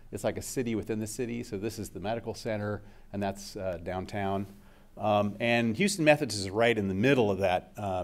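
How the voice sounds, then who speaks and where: Middle-aged guy with a lowish voice talking through a science seminar, chatty, lots of ums and uhs. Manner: conversational, frequent uh and um fillers. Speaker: invited scientist speaker.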